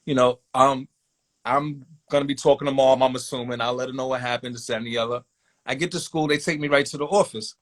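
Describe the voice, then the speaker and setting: A man telling a long personal story in a casual, animated way, acting out voices in quotes. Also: medium pitch, fast.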